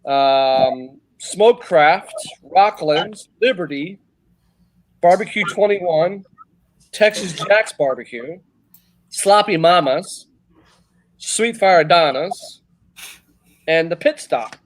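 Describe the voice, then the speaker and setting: Rambling man, slightly high voice. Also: expressive, slow pace, long pauses, low-quality recording. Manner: rambling, listing things off. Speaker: co-host. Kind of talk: casual livestream chat.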